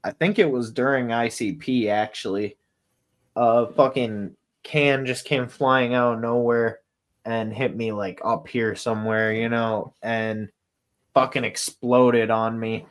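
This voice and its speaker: A man's voice: mid-range voice, steady tone, unhurried. A man co-hosting a casual podcast, telling festival stories in a rambling way full of fillers and swearing. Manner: rambling, profane, many fillers. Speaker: podcast co-host. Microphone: podcast mic.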